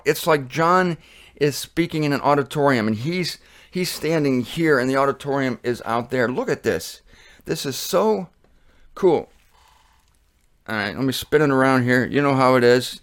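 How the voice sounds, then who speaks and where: Middle-aged male Bible teacher, passionate and conversational, mid-pitched, reads scripture and talks straight to viewers.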